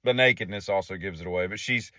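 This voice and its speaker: Low-voiced guy telling a story, sarcastic and dry, dead close mic. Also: fast, sharp tone, dry recording. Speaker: vlogger. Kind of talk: casual storytelling monologue.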